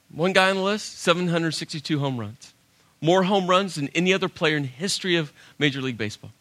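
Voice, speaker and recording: Male pastor, high bright voice, animated sermon storyteller. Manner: animated storyteller, acts out his own inner dialogue.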